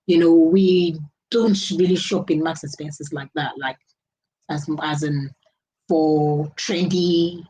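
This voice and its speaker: A woman's voice: sits low, fairly even intonation, takes it slowly, dark tone, slight background noise. A young woman with a Nigerian English accent, hosting a casual live stream and chatting loosely, repeating herself and laughing often.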